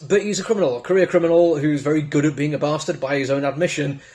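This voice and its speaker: A man's voice: on the high side, fast talker, darkish tone. A man with a southern English accent giving a casual, enthusiastic comic book review full of chatty asides. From Britain.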